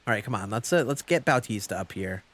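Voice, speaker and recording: Rambling young man streaming, lively pitch. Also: fast, a crowd in the background. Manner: loose and rambling, answering chat, many "like" fillers. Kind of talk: casual live-stream chat while gaming.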